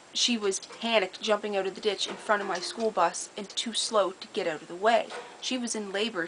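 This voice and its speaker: A woman telling a personal story in a casual, earnest way, detailed and steady, with small repeated restarts. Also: medium pitch, a little hiss or hum, rough recording. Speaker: storyteller sharing a personal memory.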